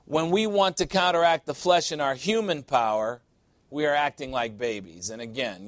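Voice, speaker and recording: A man's voice: medium pitch, normal speed, dry recording. A man preaching a sermon in an emphatic, conversational way, with sudden playful asides.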